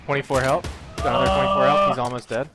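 A man's voice: medium pitch, lively intonation, rapid-fire, over loud music. A man calling out enemy distances and loot while playing a game with friends on a livestream. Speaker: gamer on a livestream. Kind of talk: casual gaming callouts.

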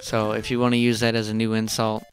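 A man's voice: lowish voice, completely flat delivery, quick pace, soft background music. A man casually commenting on his own gameplay, muttering and swearing in frustration with sudden outbursts. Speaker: gaming channel host.

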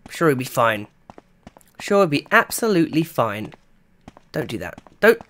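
A game streamer from England gives live gameplay commentary in a very animated, medium-pitched voice at normal speed. He's chatty, talks to his chat, and yelps and shouts when something startles him.

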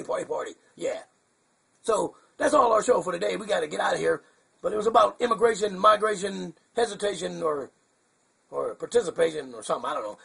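A man's voice: high-pitched, vocal fry, fairly bright tone, slightly rough, exaggerated voice. A man voicing a goofy, confused male bird puppet who rambles in a muddled, chuckling way on a puppet comedy show. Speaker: hand puppet co-host.

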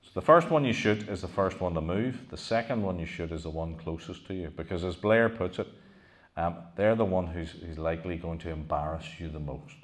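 Deep-voiced man giving a lively talk. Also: a little fast. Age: middle-aged. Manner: animated, rhetorical questions, frequent restarts. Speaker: lecturer giving a museum talk. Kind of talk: public history talk to an audience.

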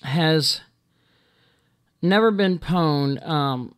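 Hesitant man with a smooth, higher voice. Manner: halting, full of ums and restarts; exasperated, blunt. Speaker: video blogger. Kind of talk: casual monologue.

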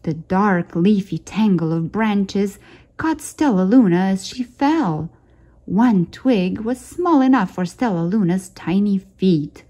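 A woman hosting a storytime channel, reading a children's picture book aloud in a gentle, expressive way. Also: mid-range voice, slow. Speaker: storytime host.

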